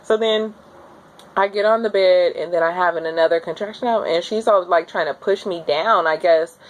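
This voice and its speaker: Young woman animatedly telling her birth story. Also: brisk. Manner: animated, acts out her own screams in a high voice. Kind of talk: casual storytelling to camera.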